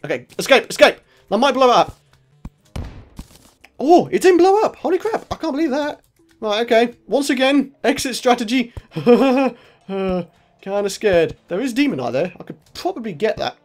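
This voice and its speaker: A young man commentating his own gameplay, excitable, laughing often and shouting when in trouble. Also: extremely high pitch, moderate pace, soft background music. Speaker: gaming channel host. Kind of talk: let's play commentary.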